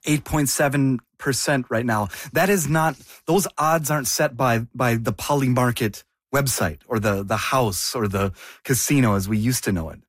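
A man's voice: mid-range voice, moderate pace, dry recording, clean studio sound. A man co-hosting a news discussion, asking questions and explaining with some hesitation. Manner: inquisitive, hesitant. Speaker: co-host.

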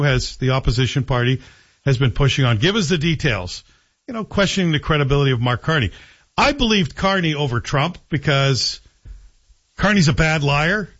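Canadian radio host guy ranting, husky voice, dry close studio mic, bit dull sounding. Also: dry recording. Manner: forceful, combative, rising pitch when worked up. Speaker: radio talk show host. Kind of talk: opinionated talk radio monologue.

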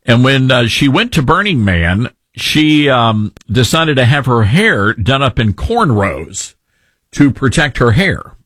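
A man in his fifties hosting talk radio, his pitch swinging widely as he rambles and jokes. His voice is slightly husky, and the close recording is dry with no room sound. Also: slow pace, no echo. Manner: animated, rambling, jokey. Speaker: radio host.

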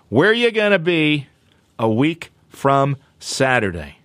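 A man hosting a radio talk show, telling a story in a playful, animated way. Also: medium pitch, slow pace, clear, resonant tone, dry recording. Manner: animated, playful, does silly voices.

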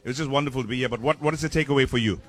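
A man's voice: medium pitch, racing, soft background music. A man hosting a live breakfast radio show, joking and chatting while he tastes food. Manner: jokey, playful, talking while tasting food. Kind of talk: live outdoor radio broadcast chat.

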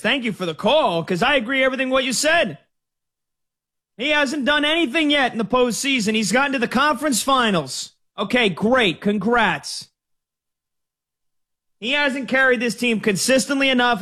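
A man's voice: very high-pitched, pushed and bright. A man hosting a sports talk radio show, telling stories with jokey mock outrage.

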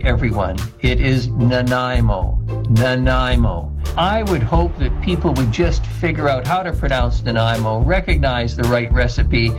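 A man's voice: medium pitch, rough recording. A man who is a mayor, speaking firmly and indignantly in a broadcast clip. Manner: firm, indignant. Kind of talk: broadcast interview.

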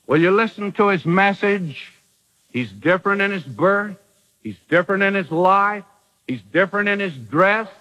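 A man preaches with emphatic, dramatic delivery in a high, bright voice. His pitch swings widely from phrase to phrase as he acts out the quotes. The sound carries the thin quality of an old radio broadcast. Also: low-quality recording. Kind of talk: sermon.

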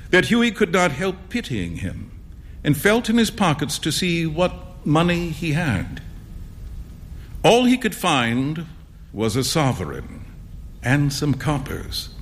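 A man narrating a classic story aloud with an expressive, storybook delivery. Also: mid-range voice, husky.

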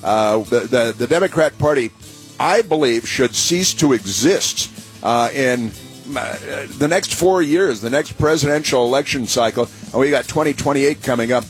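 A man's voice: mid-range voice, expressive, moderate pace, faint music behind. A man hosting a talk radio show, rambling sarcastically with many fillers and restarts.

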